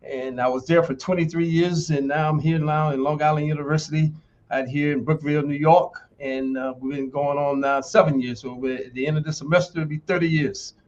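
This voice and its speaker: A man's voice: fairly high pitch, fairly even intonation, fairly quick, darkish tone, muffled recording. A man in his sixties from North Carolina with a Southern accent, chatting easygoingly as an interview guest. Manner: easygoing, says "man" often. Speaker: guest, former football player. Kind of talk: casual interview chat.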